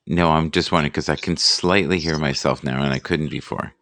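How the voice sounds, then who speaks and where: A man hosting a casual live morning chat, musing and self-deprecating, reading out sayings slowly. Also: very deep voice, steady tone, a bit bright, no echo.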